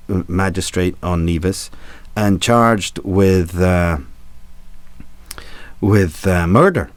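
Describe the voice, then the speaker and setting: Male captain storyteller, low-ish voice, rambling and cheeky, dry sound. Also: clear, resonant tone, no echo. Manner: rambling, chuckling, swearing for laughs. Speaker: cruise ship captain telling stories. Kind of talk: comic storytelling.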